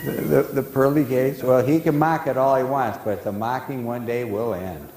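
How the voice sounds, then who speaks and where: A man's voice: mid-range voice, fairly even intonation, moderate pace, a little mellow, a little hiss or hum. A male pastor preaching a sermon in a church, talking conversationally and quizzing his congregation. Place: church sanctuary. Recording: echoey church hall.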